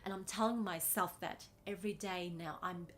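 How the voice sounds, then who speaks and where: A woman's voice: lowish voice, fairly even intonation, moderate pace, fairly bright tone, slight background noise. A woman vlogger casually telling a personal story, rambling with many fillers and restarts. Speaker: lifestyle vlogger.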